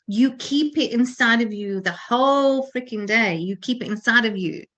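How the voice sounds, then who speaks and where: Earnest, fairly high-voiced woman host. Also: moderate pace, a bit bright. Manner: earnest, repetitive, with many restarts and fillers. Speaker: podcast co-host. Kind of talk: motivational talk.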